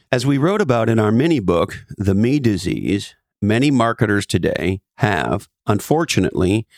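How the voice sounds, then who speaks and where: Gravelly, animated man with dry asides. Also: fairly low pitch, no echo. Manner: wry, emphatic, sarcastic asides. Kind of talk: scripted monologue.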